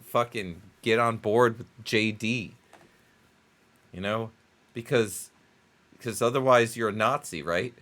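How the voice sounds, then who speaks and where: A man's voice: lowish voice, measured pace, long pauses, a bit bright. A man co-hosting a casual comedy talk show, rambling and swearing a lot while drinking. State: drinking, getting tipsy. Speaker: co-host.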